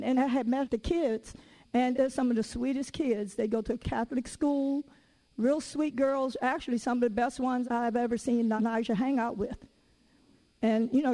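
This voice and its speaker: High-voiced woman preaching with stories. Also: rough recording. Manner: lively conversational storytelling; casual everyday phrasing. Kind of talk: sermon with personal stories.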